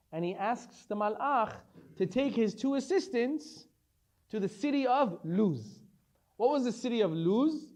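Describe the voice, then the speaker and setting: A man teaching a Torah lesson as a rabbi, telling stories with animation and acting out the dialogue. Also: high voice. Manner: animated storytelling, acts out dialogue.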